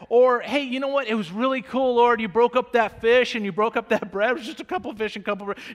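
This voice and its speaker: Man, pastor, sermon, very high voice, long church reverb. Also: quick pace, hardly any pauses. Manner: builds to loud shouting passages, then drops to a quiet close. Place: church sanctuary.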